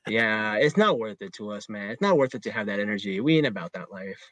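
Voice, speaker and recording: A man hosting a podcast in relaxed casual chat, talking loosely with plenty of "like" and "man". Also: lowish voice, fast talker, dry recording. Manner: easygoing, filler-heavy talk with many "like" and "man". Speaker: podcast host.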